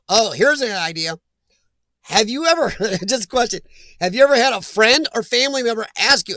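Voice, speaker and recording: A man's voice: sits high, pushed and bright, no room sound. A man hosting a casual live chat, reading viewer names aloud and laughing often. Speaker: livestream host reading chat.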